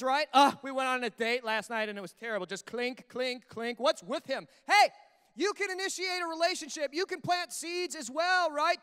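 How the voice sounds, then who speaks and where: Pastor, male, very high and smooth voice, lively sermon delivery, long church reverb. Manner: animated preaching with acted asides. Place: church sanctuary.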